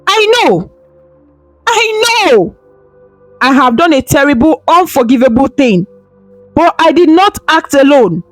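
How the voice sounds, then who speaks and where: A woman's voice: high-pitched, expressive, normal speed, no echo, faint music behind. A woman storyteller voicing a desperate young woman who pleads through tears with a trembling voice. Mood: pleading.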